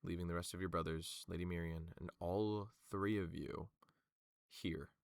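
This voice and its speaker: A man narrates a tabletop game as game master, using lots of fillers and a loose delivery. His voice is fairly low. The recording is dry and close. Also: steady tone, moderate pace, vocal fry, no echo.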